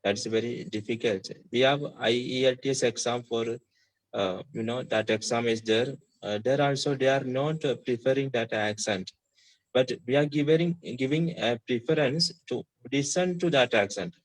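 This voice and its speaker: A man from India with an Indian accent, explaining slowly with many pauses and fillers in a casual online discussion. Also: medium pitch, dry recording, rough recording. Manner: hesitant, frequent fillers, plain explanatory. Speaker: discussion participant.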